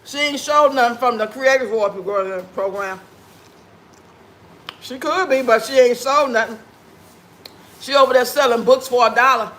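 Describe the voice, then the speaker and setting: A man's voice: extremely high pitch, measured pace, pauses often, sharp tone. A man hosting a casual livestream while eating, talking with food in his mouth and trading blunt, sassy trash talk with his chat viewers. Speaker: livestream host.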